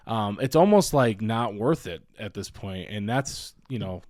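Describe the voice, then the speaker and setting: A man's voice: fairly low pitch, animated, a little slow, darkish tone, dry recording. Rambling young man on a podcast. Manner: rambling, laughs often, crude jokes. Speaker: podcast co-host. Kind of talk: casual crude banter.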